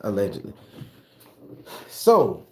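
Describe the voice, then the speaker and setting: A man telling an animated, profane story as a monologue, acting out the voices of the people in it and jumping into high, excited tones. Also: takes it slowly, roomy sound. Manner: acts out voices in his story, swings into high excited pitch. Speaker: commentator on social media channel.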